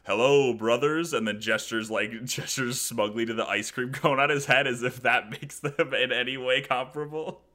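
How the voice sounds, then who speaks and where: A man co-hosting a podcast, recapping cartoon episodes in animated casual chat and laughing often as he tells it. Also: on the low side. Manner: animated retelling, laughs often, acts out quoted lines. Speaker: podcast co-host.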